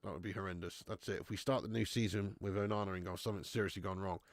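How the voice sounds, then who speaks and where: A man's voice: deep voice, steady tone, racing, no echo, studio quality. A young man, chatty and laughing as he hosts a live stream and reads out comments, a bit under the weather with a cold. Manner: chatty, laughing, slangy banter. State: has a cold. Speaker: livestream host. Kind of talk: casual live-stream chat reading comments. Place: home garage.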